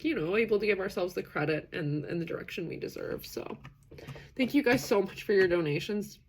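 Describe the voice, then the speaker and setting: A woman's voice: mid-range voice, gravelly, a little hiss or hum. A woman in her thirties hosting a live self-acceptance session. She talks chattily, reads out chat comments, laughs often and rambles through restarts. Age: 30s. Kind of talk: casual live-stream talk, reading chat comments.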